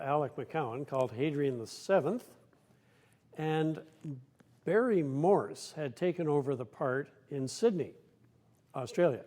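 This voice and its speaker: A man's voice: on the high side, warm tone. A man telling anecdotes as an interview guest, wry and dry in his humour. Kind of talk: anecdotal storytelling.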